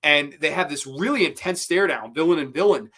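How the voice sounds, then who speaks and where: A man hosting a horror movie review show, chatting casually, swearing freely and retelling scenes with excitement. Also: fairly high pitch, a little fast.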